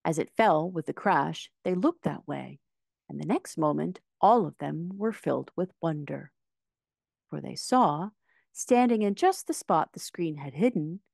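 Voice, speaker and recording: A woman narrating a children's classic aloud in an expressive read-aloud style. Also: low voice, gravelly, dry recording, studio quality. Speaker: audiobook reader.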